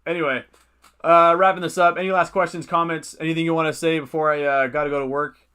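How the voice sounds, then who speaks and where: A man's voice: a little high, fairly even intonation, fast talker, bright, forceful tone, clean tone. Chatty man hosting a fantasy football stream. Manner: thinks aloud, reads viewer comments, many fillers. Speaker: fantasy football livestream host. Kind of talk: casual livestream chat.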